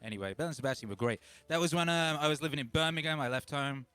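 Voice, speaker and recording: A man in his forties from England, hosting a home livestream in an excitable, rambling way, talking into a microphone run through a DJ mixer. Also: on the high side, rapid-fire, clean tone. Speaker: livestream host and DJ. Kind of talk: casual livestream chat. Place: home studio. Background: faint music bed.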